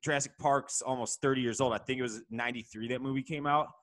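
A man on a podcast holds forth at length in an ordinary mid-range voice, opinionated and profane. He talks in a steady, casual way. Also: medium pitch, fast talker. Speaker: podcast co-host.

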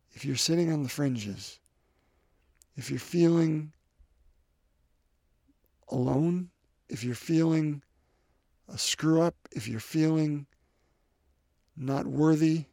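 Man preaching a sermon, kinda husky, dry sound, earnest and repetitive, goes loud then real soft. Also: mid-range voice, no echo. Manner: earnest, repeats phrases, swings between loud and soft.

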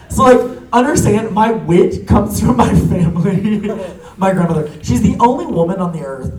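A young man telling family stories in casual chat, animated and laughing often, with lots of fillers. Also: high voice, normal speed, background noise. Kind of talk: casual storytelling. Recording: echoey room, a bit far from the mic.

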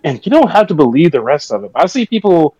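Guy co-hosting a podcast, really lively up and down voice, rambly rants, muffled lo-fi audio. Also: fairly high pitch, fast talker, slightly rough, no echo. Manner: rambling, animated storytelling rants. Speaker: podcast co-host. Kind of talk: casual podcast chat.

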